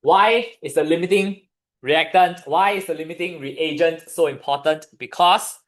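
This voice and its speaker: A man with a Singaporean English accent, teaching a chemistry revision class and questioning his students as he goes. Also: on the high side. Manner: questions the class, pausing for answers. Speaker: chemistry tutor.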